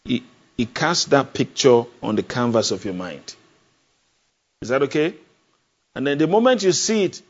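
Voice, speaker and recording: Male pastor, mid-pitched, preaches with emphatic questions and repetition; lo-fi capture. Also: big pitch swings, normal speed, long pauses. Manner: emphatic, call-and-response questions, repeats phrases. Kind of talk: sermon. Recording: dull lo-fi sound.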